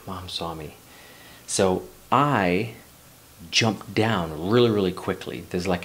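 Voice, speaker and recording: A man's voice: low voice, slight background noise. A man in his forties from New York City telling a personal story in a loose, rambling way, swearing casually and drifting into life lessons. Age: 40s. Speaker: vlogger.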